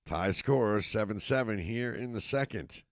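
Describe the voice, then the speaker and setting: Calling a youth football game, this play-by-play announcer from Massachusetts speaks in a lowish, unhurried voice with a slight local accent. He stays steady, then builds excitement when someone scores, and there's no echo.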